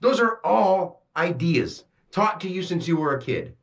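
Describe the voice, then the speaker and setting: A man's voice: high voice, animated, measured pace. A man delivering a frustrated, preachy rant straight to camera as a self-styled spiritual teacher, swearing freely. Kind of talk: ranting monologue to camera.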